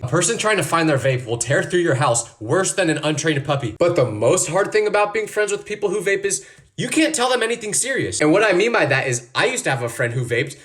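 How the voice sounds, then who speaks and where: A young man telling funny stories from his life, acting out quotes in a fast, exaggerated comic manner. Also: a little high. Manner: fast, animated, exaggerated retelling with acted-out quotes. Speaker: comedy storyteller. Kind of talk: comedic storytime monologue. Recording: echoey room.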